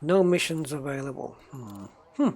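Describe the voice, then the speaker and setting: A man's voice: medium pitch, big pitch swings, moderate pace, darkish tone, slightly rough. A man giving casual gameplay commentary, chatty, talking to himself and the game and chuckling often. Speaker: gamer narrating his play.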